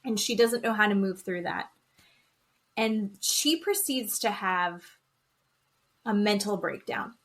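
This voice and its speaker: A woman's voice: medium pitch, slow, long pauses. A woman co-hosting a podcast, casually recapping a reality show and animatedly acting out what people said. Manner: animated storyteller who acts out quotes. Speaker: podcast co-host.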